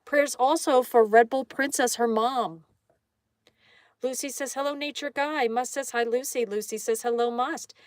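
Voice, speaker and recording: A woman's voice: a little high, steady tone, a little slow, no echo, clean studio sound. A woman hosting a live art stream in a casual way, reading viewer comments aloud and greeting each viewer. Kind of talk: casual live-stream chat while drawing.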